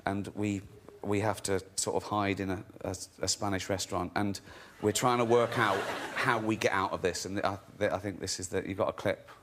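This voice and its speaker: A man chatting as a guest on a talk show, stammering and often breaking into high laughter. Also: fairly even intonation, moderate pace, few pauses, fairly bright tone, slight background noise. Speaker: guest, comedian and director. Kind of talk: chat show banter.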